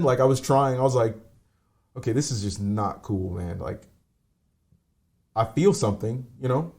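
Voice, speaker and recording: A man's voice: medium pitch, darkish tone. A man in his forties telling a personal story as a podcast guest, candid and rambling, swearing casually. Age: 40s.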